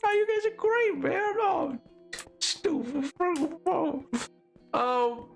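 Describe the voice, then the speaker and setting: A playful, excitable streamer chats casually over a game, joking around and reading out chat. The voice swoops all over, with lots of pitch movement. Faint music plays in the background. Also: slow pace, vocal fry. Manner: reads out chat messages. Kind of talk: casual gaming livestream chat.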